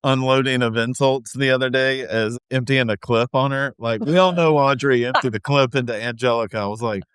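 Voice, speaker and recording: Laid-back man, smooth voice. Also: mid-range voice, steady tone, brisk, fairly bright tone, no echo, clean studio sound. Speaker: podcast co-host. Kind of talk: casual recap chat.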